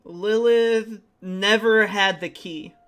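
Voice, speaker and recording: A man's voice: sits high, steady tone, slow pace, a bit bright, clean tone. A man streaming a game, thinking aloud in a chatty, self-deprecating way. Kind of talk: casual let's-play commentary.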